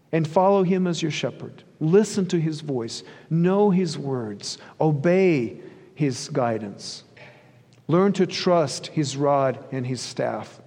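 A man with a high voice preaches a sermon, earnest and rhythmic, stacking repeated phrases. His words ring out with a long reverb, as in a large church hall. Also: a little mellow. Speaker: pastor.

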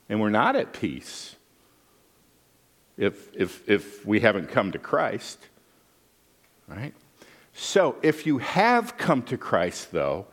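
Folksy middle-aged male pastor. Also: medium pitch. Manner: folksy, conversational, with frequent "right?" asides. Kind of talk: sermon with storytelling.

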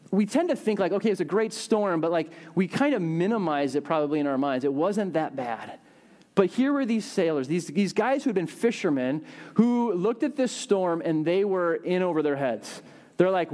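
A young adult male pastor giving a casual, animated sermon, acting out voices with big jumps in pitch.

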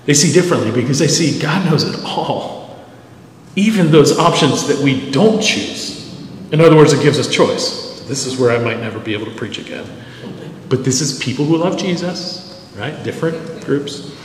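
Pastor, man, middle-aged, chatty animated sermon, slightly raised pitch, reverberant church room. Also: slight background noise. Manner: conversational, self-deprecating, animated storytelling. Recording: echoey hall.

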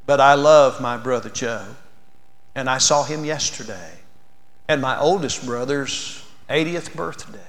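An older man preaching a sermon in a church, earnest, moving from soft and slow passages to loud, fervent ones. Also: mid-range voice. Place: church sanctuary. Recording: long reverb of a large hall.

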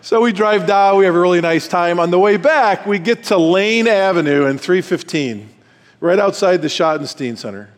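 A man's voice: sits high, lively intonation, normal speed. A middle-aged man speaking at a retreat, telling a personal story and acting out the dialogue with animation. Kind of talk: storytelling talk. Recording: long hall reverb.

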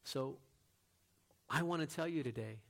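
Male pastor, slightly high voice, earnest sermon delivery, big swings between emphatic and hushed. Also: a little slow, vocal fry.

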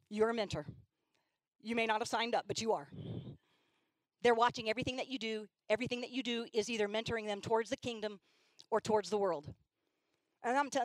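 The recording is dry and low quality, carrying a middle-aged woman's mid-range voice. Preaching at church, she's an animated storyteller who regularly takes on the voices of young girls.

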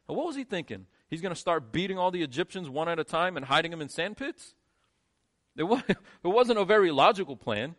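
A male pastor preaching a sermon, shifting between quiet, low lines and emphatic, rising ones. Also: expressive, normal speed, long pauses.

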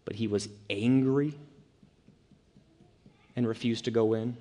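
A man's voice: mid-range voice, takes it slowly, warm tone. A male pastor preaching a sermon, emphatic and full of rhetorical questions. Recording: echoey hall.

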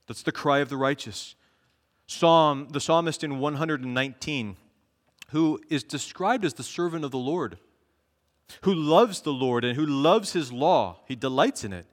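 Pastor guy preaching, mid-pitched voice, slows right down for bible verses, long church echo. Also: animated. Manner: earnest, slows down to read scripture aloud. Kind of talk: sermon. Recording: long echo of a large hall.

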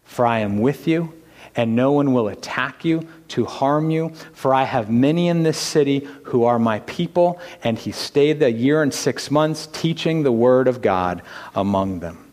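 A man preaching a sermon as pastor to his congregation. He asks rhetorical questions and swings between hushed, whispered lines and loud, emphatic ones. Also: medium pitch, lively intonation, a little slow. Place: church sanctuary. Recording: long hall reverb.

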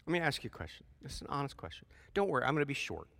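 A man preaching a sermon in a church, lively and emphatic, with folksy asides between loud peaks of emphasis. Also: medium pitch, racing, creaky, big-room sound. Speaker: pastor.

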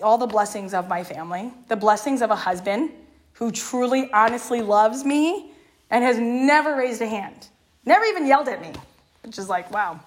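A middle-aged woman youth leader sharing her personal story with a youth group in an earnest, emotional way, often asking "right?". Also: medium pitch. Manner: earnest, tags lines with "right?"; emotional, near tears at times.

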